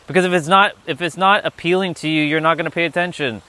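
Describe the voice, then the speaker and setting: A man hosts a loose motivational livestream outdoors, wandering among rocks as he talks to viewers. His voice sits a bit high and sounds bright and forceful. He is blunt and playful, swears freely, and makes up catchy acronyms as he goes. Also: fairly even intonation, quick pace, clean tone. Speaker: livestream host. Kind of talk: casual motivational livestream talk.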